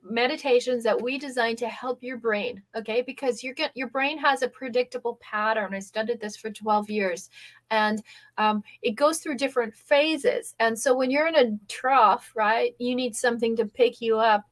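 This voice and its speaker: A woman hosting a live online workshop, with a voice set a little high. She talks in a chatty, energetic way and keeps asking "okay?" as she explains things to her viewers. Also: moderate pace. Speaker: workshop host. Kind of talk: live-stream workshop talk.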